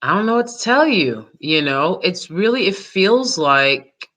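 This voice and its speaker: A woman hosting a vlog, giving casual opinion commentary in a rambling way, full of fillers and quick laughs. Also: lowish voice, sing-song, a bit bright. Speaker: vlog host.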